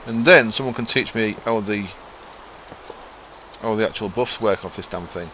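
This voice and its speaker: Mumbling streamer with a mild Hull accent. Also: male voice, fairly low pitch, normal speed, noisy background. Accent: mild Hull (East Yorkshire). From Hull, East Yorkshire, England. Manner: rambling, mumbles to himself while playing, swears casually. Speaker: gaming streamer. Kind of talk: casual gameplay commentary chatting with live chat.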